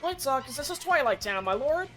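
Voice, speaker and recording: A man voicing a scheming old female witch minion who talks in a shrill, eager way. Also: big pitch swings, normal speed, fairly bright tone, full character voice.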